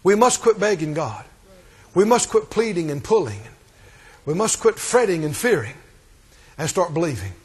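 A man preaching a sermon, animated and rising to emphatic, shouted points. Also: high-pitched, normal speed, long pauses, husky.

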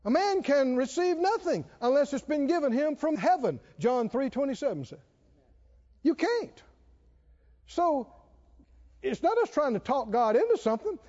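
High-voiced man preaching in a reverberant hall. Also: darkish tone. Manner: dramatic storytelling with acted-out voices; repetitive, emphatic preaching cadence. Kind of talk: sermon. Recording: dull sound with long hall reverb.

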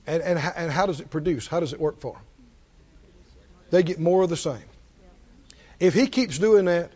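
A man's voice: high-pitched, big pitch swings, moderate pace, slightly rough. A man preaching a sermon to a congregation, emphatic and full of rhetorical questions. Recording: dull lo-fi sermon recording.

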